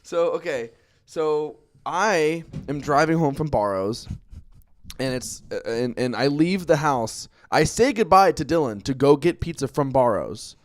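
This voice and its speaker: A man's voice: fairly high pitch, lively intonation, unhurried, no echo. A man hosting a podcast, telling a story in a casual, rambling way, swearing often and laughing at his own jokes. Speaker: podcast host.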